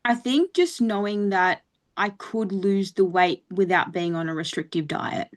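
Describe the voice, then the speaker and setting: A young woman talking as a podcast guest, relaxed and plain-spoken, laughing often and saying "like" a lot. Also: medium pitch, measured pace. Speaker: coaching client guest. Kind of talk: casual interview chat.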